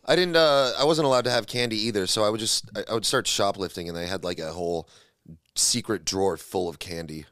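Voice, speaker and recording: A man with a lowish voice recorded close and dry, chatting casually on a podcast. He drops dry, deadpan quips into the conversation. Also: quick pace, no echo. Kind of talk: casual chat.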